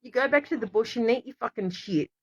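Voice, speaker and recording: A woman's voice: on the high side, fast talker, husky. A woman talks in an emotional, rambling monologue to camera and keeps breaking off to apologize. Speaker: vlogger. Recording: dull lo-fi recording.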